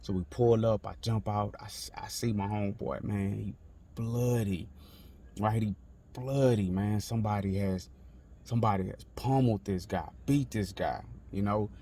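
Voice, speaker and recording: Gravelly low-voiced man telling a story. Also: fairly even intonation, dark tone, slight background noise. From Texas. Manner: slow, repetitive street-talk retelling, many fillers and restarts. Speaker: author telling his life story. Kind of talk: personal storytelling to camera.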